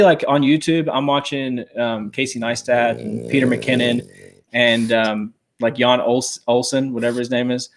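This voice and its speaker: A young man chats easily on a livestream, giving practical advice in a relaxed, conversational way. His pitch sits in an ordinary middle range. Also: creaky, a little hiss or hum. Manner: laid-back, answers viewer questions with advice. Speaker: co-host of a reselling livestream. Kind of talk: casual livestream chat.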